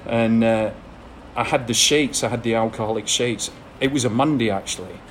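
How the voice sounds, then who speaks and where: Frank Englishman telling a rough story. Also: medium pitch, moderate pace, a little hiss or hum. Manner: frank, self-deprecating storytelling with frequent laughs. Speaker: speaker sharing a recovery story. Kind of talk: candid personal testimony to an audience.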